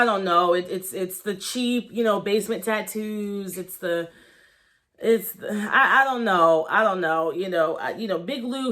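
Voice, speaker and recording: A woman chatting casually as she reviews a reality TV episode, candid and gossipy in tone. Her voice sits at a middle pitch, and she loosely rambles through fillers and blunt, profane asides. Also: fairly bright tone. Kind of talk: casual vlog commentary.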